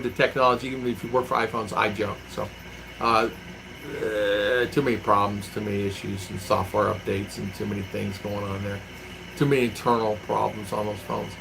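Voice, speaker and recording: A man with a lowish, creaky voice talks at normal speed in a steady tone over background noise. A vlogger living abroad, he reads live chat comments on his stream and rambles through stories, acting out the quotes.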